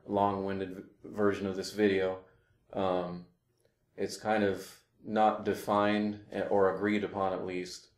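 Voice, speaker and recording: Man, deep voice, clarinet teacher, casual explaining, frequent ums, echoey room. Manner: relaxed, explains with fillers and demonstrations. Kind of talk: casual instructional talk. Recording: roomy echo.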